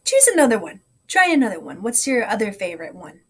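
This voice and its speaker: A woman music teacher leading vocal warm-ups with gentle, encouraging coaching and a slightly scratchy voice. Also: medium pitch, big pitch swings, fast, slightly rough.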